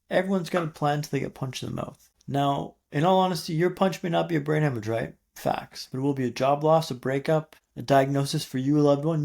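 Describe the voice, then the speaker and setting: A man in his thirties, a podcast guest telling his recovery story dramatically, with repeated refrains and pauses. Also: a little high, vocal fry, a little mellow. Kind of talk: storytelling interview.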